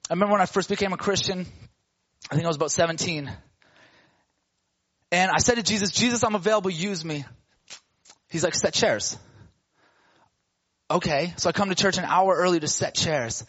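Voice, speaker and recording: Male preacher, high voice, animated storyteller, slangy and playful, dull lo-fi recording. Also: fast, pauses often. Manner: animated, acts out characters in casual slang. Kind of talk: sermon storytelling.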